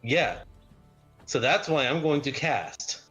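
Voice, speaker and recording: Animated male player explaining his move. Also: mid-range voice, takes it slowly, faint music behind. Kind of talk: tabletop game chat.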